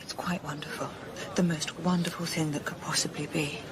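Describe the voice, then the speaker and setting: A woman playing a breathy, emotional grieving mother. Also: sits low, flat delivery, a little fast, lightly acted. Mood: breathless, excited. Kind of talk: radio drama acting. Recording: radio broadcast with clear hiss.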